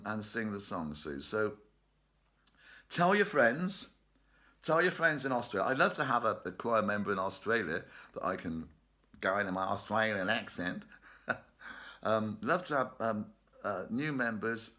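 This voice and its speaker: A man's voice: on the low side, lively intonation, unhurried, pushed and bright. A man leading an online choir rehearsal from his bedroom, chatty and joking, laughing often. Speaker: choir leader. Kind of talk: casual online rehearsal chat. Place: bedroom at home.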